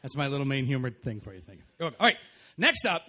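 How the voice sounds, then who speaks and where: A man emceeing a live show on an outdoor festival stage, energetic and joking with the crowd. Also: medium pitch, very fast. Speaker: master of ceremonies.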